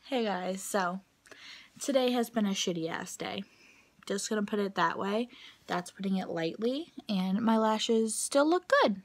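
A woman's voice: mid-range voice, unhurried. A young adult woman talking straight to camera in a casual vlog, venting bluntly and swearing freely about her day. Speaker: vlogger.

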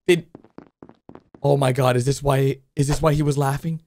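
A YouTube reaction host giving excitable commentary over cartoon clips, often breaking into high shouts and laughter. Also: moderate pace, long pauses, slight background noise.

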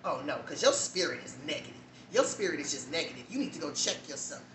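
A woman's voice: low-pitched, animated, fast talker, reverberant, distant mic, noisy background. A man voicing a snippy, dismissive female coworker while retelling an argument. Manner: snapping, dismissive.

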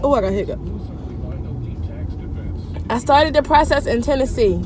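A woman's voice: high-pitched, measured pace, pauses often. A young woman chatting expressively in a casual video diary while in a car, speaking into a phone camera. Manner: chatty and expressive, swings from quiet to loud and joyful. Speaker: vlogger.

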